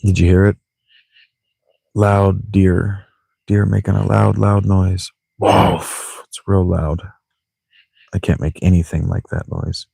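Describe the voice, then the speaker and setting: A man casually commenting while he plays a video game, full of deadpan jokes and muttered asides. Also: low voice, slow, gravelly, pauses often, husky, no echo, studio quality. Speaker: streamer playing a video game. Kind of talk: casual let's-play commentary.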